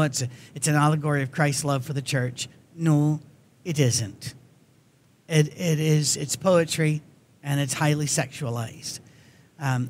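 A man's voice: on the high side, slight background noise. A man with a Tennessee accent preaching a folksy sermon in a church, joking often and restarting his sentences. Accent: Southern US, Tennessee. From Nashville area, USA. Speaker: guest preacher.

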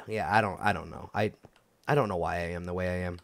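A man's voice: deep voice, moderate pace, vocal fry, long pauses, dry recording. A man giving casual let's-play commentary, goofy and chatting to the game characters as he plays. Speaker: gameplay commentator.

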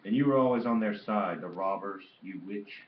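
Guy reading as a cranky old grandpa, bitter and complaining, deep voice, echoey muffled room. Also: fairly even intonation, moderate pace, a little hiss or hum, natural voice. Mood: ranting. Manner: muttering, ranting complaints. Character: bitter old grandfather, angry, self-pitying. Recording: dull roomy home recording.

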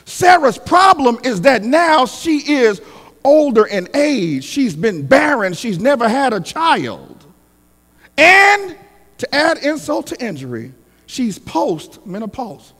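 Preacher guy, high voice that swoops all over, shouts now and then, echoey church hall. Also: sing-song, takes it slowly. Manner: emphatic, call-and-response preaching with shouted peaks. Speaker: pastor. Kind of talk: sermon.

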